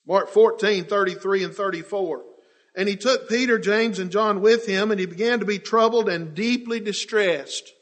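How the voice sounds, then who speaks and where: High-voiced impassioned male preacher. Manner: impassioned, swings from loud to hushed, drawn-out emphasis. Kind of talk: sermon.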